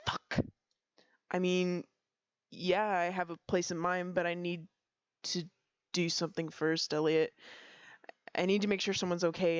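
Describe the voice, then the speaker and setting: A lower-voiced woman reads community stories aloud in a relaxed stream, giggling often between passages. Her sound is dry and a little dull, as from a plain home mic. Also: no echo. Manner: giggly, breaks into laughter. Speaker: streamer reading community roleplay posts. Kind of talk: casual read-aloud storytelling.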